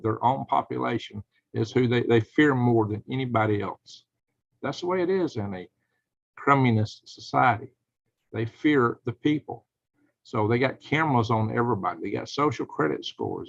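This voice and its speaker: This is rambling live-stream commentary from an American host who speculates freely and chuckles a lot. His voice is medium-pitched and creaky, captured in a dull, dry, lo-fi recording.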